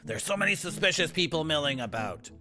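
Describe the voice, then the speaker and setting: A man's voice: on the high side, sing-song, a little fast, over music, pitched above the performer's own voice. A man voicing a haughty, demanding woman with an indignant tone.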